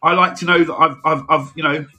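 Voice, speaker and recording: A man's voice: fairly high pitch, fairly even intonation, brisk, pushed and bright, rough recording. A man co-hosting a casual chat show, trading dry, argumentative banter. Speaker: co-host.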